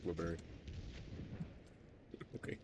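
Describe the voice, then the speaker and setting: A man's voice: slow, very noisy. A man streaming a video game, rambling casually, mocking himself and trailing off mid-sentence. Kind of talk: casual gameplay commentary.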